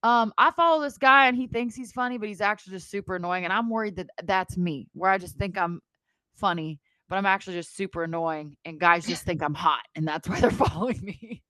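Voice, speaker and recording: A woman in her thirties co-hosting a podcast in casual chat, animated and joking, quick to tease. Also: mid-range voice, no room sound. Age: 30s. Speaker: podcast co-host.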